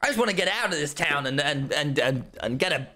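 A man voicing a brash fake-American young streamer persona, loud, boastful and exaggerated. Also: fairly high pitch, lively intonation, moderate pace, creaky, husky, heavily acted.

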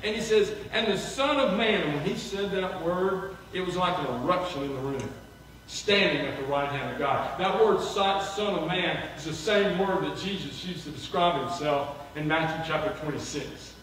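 A man's voice: fairly high pitch, normal speed, slight background noise. Man preaching in an echoey church. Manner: animated preaching, acting out quoted voices. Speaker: pastor. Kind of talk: sermon. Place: church sanctuary. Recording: echoey hall from far off.

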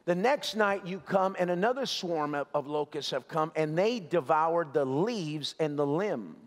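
A man's voice: on the high side, animated, a little slow, few pauses. A man preaching a sermon as pastor, with an impassioned, repetitive cadence, speaking in a large church sanctuary. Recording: long hall reverb.

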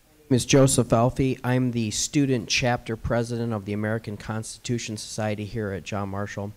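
A young man acts as the student organizer at a law school event, welcoming the speaker and announcing upcoming events in a formal, prepared way. His voice sits at a mid pitch for a man. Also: flat delivery, brisk, a little mellow. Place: law school lecture room.

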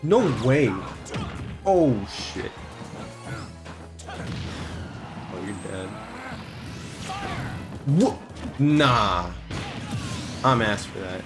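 A young man chatting casually while streaming a game, slangy and excitable, swearing freely. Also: medium pitch, drawn-out words, long pauses. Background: game music.

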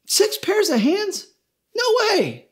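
A man's voice: very high voice, huge pitch swings, slow pace, fairly bright tone, pitched above the performer's own voice, full character voice. A man voicing a skeptical female angel, incredulous in tone, as he tells a story in a sermon.

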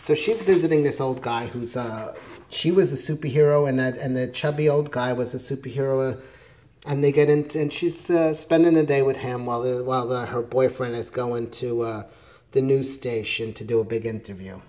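A man's voice: medium pitch, normal speed, dark tone. A middle-aged man casually retelling a comic book plot, rambling with many fillers and restarts. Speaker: comics reviewer.

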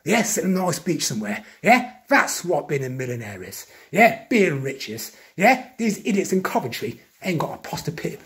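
A man delivers an agitated, accusatory monologue in a fairly high voice that jumps up and down constantly. He piles up names and grievances and tags nearly every phrase with a rising "yeah?". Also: sing-song, a bit bright. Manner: accusatory, lists names and grievances in rapid repetition. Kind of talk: monologue vlog.

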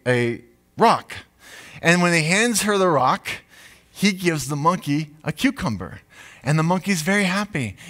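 Animated male pastor preaching. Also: on the high side. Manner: animated storytelling with acted-out asides. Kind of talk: sermon.

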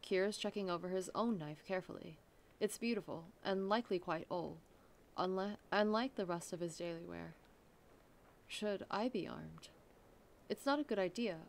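A woman's voice: mid-range voice, a little hiss or hum. A young woman reads a visual novel's text aloud in an easy, casual way. She often stops to laugh and add her own comments on the story. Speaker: let's play narrator.

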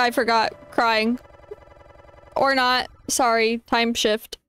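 Brief: playful, foul-mouthed woman commenting on a game live, slow-talking, with soft game music behind. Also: high-pitched. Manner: reactive, swears often, playful. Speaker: streamer.

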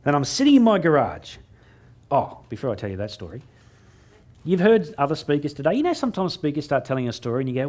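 A middle-aged man giving a humorous keynote on stage before a live audience, joking and mocking himself with quick asides. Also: fairly high pitch, sing-song, darkish tone. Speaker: motivational speaker.

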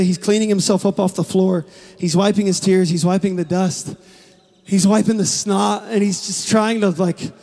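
High-voiced preacher in a reverberant church. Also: male voice, creaky. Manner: builds from quiet to passionate shouting. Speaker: pastor. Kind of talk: sermon. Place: large church hall. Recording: long hall reverb.

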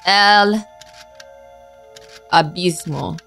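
A young woman giving casual, excitable commentary as she plays a game, full of exclamations and slang. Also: on the low side, extremely slow, gravelly, faint music behind. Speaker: gaming YouTuber. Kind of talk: casual let's-play commentary.

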